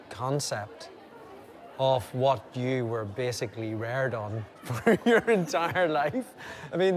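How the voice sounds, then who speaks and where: Lively man telling stories. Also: mid-range voice. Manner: animated anecdotes with impressions and laughter. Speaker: guest. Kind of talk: casual storytelling chat.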